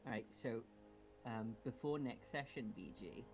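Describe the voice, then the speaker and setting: A man's voice: mid-range voice, a little slow, music in the background. A man playing in a tabletop game, chatting casually and teasing the others. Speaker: player. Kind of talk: casual chat.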